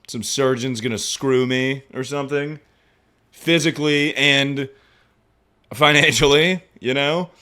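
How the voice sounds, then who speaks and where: A young man streaming, chatting casually and profanely about his injury, mocking himself with sudden loud outbursts. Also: medium pitch, fairly even intonation, unhurried. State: injured, in pain. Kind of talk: casual livestream chat.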